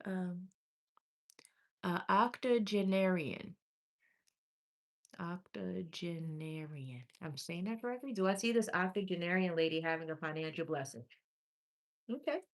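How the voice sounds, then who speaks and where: This fairly low-voiced woman answers chat during a live tarot stream, pulling one card per viewer and reading out their names and questions as she scrolls. She's chatty and affectionate, using pet names like sweetie and honey, and her delivery is relaxed, full of pauses and little restarts.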